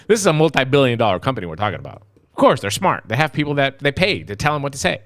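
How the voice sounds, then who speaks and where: A man co-hosting a casual live stream, reading viewer comments and ranting with lots of profanity, dropping to mutters and rising to shouts. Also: mid-range voice, big pitch swings, fast talker, no room sound, clean studio sound. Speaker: co-host of a live vaping talk stream.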